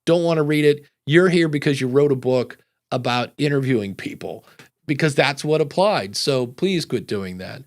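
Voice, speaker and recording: A man's voice: medium pitch, expressive, moderate pace. Rambling male podcast host. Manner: loose and rambling, many fillers. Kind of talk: casual podcast chat, reading live chat comments.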